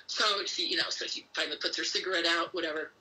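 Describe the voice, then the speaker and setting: A woman guest recounting an experience in an interview, acting out what others said with sudden pitch jumps and many fillers, talking while pacing on a call. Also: steady tone, fast talker, bright, forceful tone, poor audio. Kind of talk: animated storytelling in an interview. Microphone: phone or remote call while pacing.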